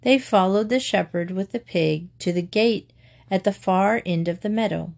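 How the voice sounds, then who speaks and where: A woman calmly reading fables aloud, clear and steady as a storyteller. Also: mid-range voice, normal speed. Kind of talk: scripted storybook narration.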